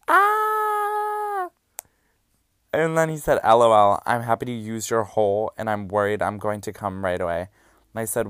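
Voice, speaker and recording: A young man hosting a podcast, reading out messages in a low-key, dry deadpan with sassy asides. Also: clean tone, dry recording. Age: young adult. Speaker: podcast host. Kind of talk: candid reading of hookup-app messages.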